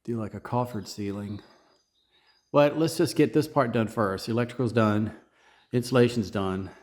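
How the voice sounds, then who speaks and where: A man with a mid-range voice talks to the camera from inside the house he is renovating, working through his plans out loud. He rambles, restarts words, and hedges with "like" and "um.". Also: mid-range voice, normal speed, echoey room. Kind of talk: on-site vlog talk to camera. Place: indoors in a house under renovation.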